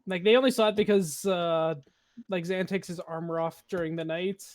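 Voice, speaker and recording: A man's voice: sits high, steady tone, moderate pace. A man chatting and laughing often as a player recapping a tabletop game over a call.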